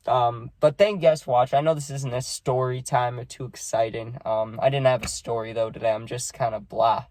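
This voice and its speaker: A sad, subdued man rambles casually to his viewers with lots of fillers. His voice sits in a middle pitch. The sound is dry and close, with no room echo. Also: steady tone, fairly quick, a little mellow. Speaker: vlogger. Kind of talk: casual vlog talk.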